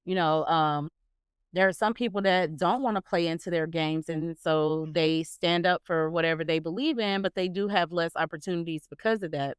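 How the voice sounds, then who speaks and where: Woman podcast host, chatty and sassy, smooth voice, dry close sound. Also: on the low side, no echo. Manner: sassy, chatty, talks straight to listeners. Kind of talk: casual solo podcast chat. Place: at home.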